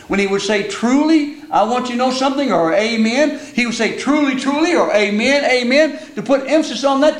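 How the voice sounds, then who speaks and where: An older man preaching a sermon in a folksy storytelling way, often repeating words as he starts a thought. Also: very high voice. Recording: echoey room.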